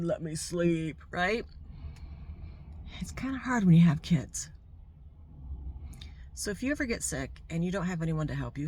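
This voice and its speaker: Middle-aged woman, lower register, candid personal vlogger. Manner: candid and heartfelt, with warm asides to the viewer. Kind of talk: personal storytelling to camera.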